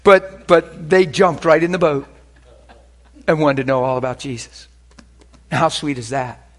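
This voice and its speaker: A man preaching a sermon, animated and full of stories, moving between loud exclamations and quiet, hushed asides. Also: a little high, a little slow.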